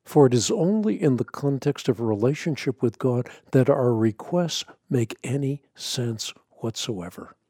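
A man giving a scripted teaching on prayer, measured and earnest, leaning hard on key words. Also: mid-range voice, expressive, dark tone, husky, no echo, clean studio sound. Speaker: Christian teacher.

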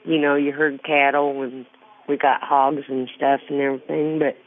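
A woman from rural Illinois calling a radio show with an earnest, halting question, often repeating herself. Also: a bass voice, little pitch movement. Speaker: caller. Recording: tinny phone line.

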